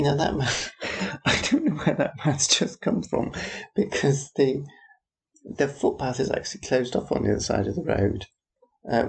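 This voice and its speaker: Man, husky, fry-edged voice, rambling diary chat, dry wry asides. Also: mid-range voice. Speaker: theatre worker. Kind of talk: rambling personal audio diary.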